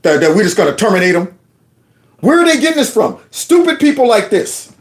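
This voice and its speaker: High-pitched emphatic male commentator. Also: sing-song, brisk. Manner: emphatic, rhetorical questions, colloquial. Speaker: commentary channel host. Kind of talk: opinionated commentary over clips.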